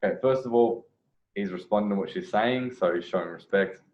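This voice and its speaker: A man's voice: lowish voice, brisk, very noisy. A man commenting on a video clip as a dating coach, rambling, correcting himself and repeating phrases. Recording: echoey room, dull lo-fi sound.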